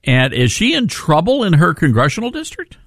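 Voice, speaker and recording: A man hosting a talk radio show, brisk and conversational, moving between guests and segments. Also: fairly high pitch, huge pitch swings, vocal fry, no echo, clean studio sound. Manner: brisk, conversational, plugs and segues.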